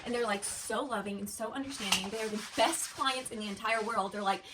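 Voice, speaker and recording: A woman talking in a casual home vlog, close to tears and gushing with gratitude, with halting restarts. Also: medium pitch, fairly even intonation, noisy background. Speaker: vlogger and wife. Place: home kitchen.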